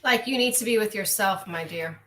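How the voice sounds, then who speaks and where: Speaking at medium pitch and a little fast, a coach does an oracle card reading live. She's gentle and earnest, wandering slightly and starting her sentences over at times.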